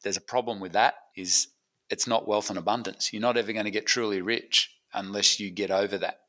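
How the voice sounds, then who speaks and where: A man's voice: lowish voice, brisk, low-quality recording. A middle-aged Australian man telling stories casually on a podcast, acting out the dialogue as he goes. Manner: animated storyteller acting out dialogue. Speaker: guest business educator.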